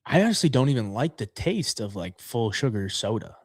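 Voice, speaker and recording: A man's voice: medium pitch, sing-song, brisk, slightly rough, dry recording, clean studio sound. A man co-hosting a podcast, chatting casually in a laid-back, easygoing way. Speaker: podcast co-host. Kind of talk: casual betting show chat.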